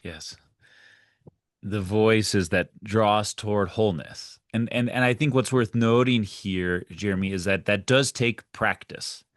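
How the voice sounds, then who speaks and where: A man's voice: lowish voice, unhurried, no room sound, studio quality. A man hosting a podcast, responding in an affirming, reflective way. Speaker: podcast host. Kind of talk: conversational podcast interview.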